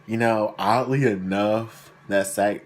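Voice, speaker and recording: A man's voice: on the low side, slow pace. A young man who tells a casual story in a rambling, self-deprecating way, with lots of fillers. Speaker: vlogger.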